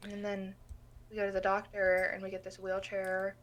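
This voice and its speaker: A woman's voice: mid-range voice, normal speed, a little hiss or hum. Young woman telling a story with lots of swearing. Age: young adult. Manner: animated, swears a lot, acts out quoted people. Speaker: podcast co-host. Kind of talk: casual storytelling chat.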